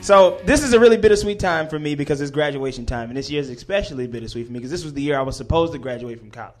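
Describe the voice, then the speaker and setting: A man's voice: a little high, lively intonation, very fast, soft background music. A man in his twenties telling a comedic story on stage, rambling and correcting himself with chuckles.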